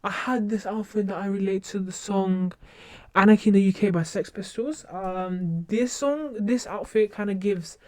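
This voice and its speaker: A young woman chats casually to her stream, her voice soft and mellow. She rambles and keeps breaking off to restart her sentences. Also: medium pitch, moderate pace. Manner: rambling, self-interrupting with many restarts. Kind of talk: casual livestream chat.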